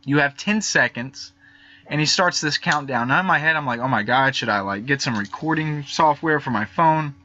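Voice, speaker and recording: A man narrating over screenshots of messages, hesitant and halting, with many fillers and restarts, nervous and frightened. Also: on the high side, pushed and bright, muffled recording. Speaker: YouTube channel host.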